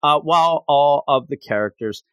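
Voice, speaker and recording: A man co-hosting a casual manga chat, talking in animated, rambling runs full of restarts and fillers. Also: a little high, moderate pace, clean tone, no room sound, clean studio sound. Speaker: podcast co-host.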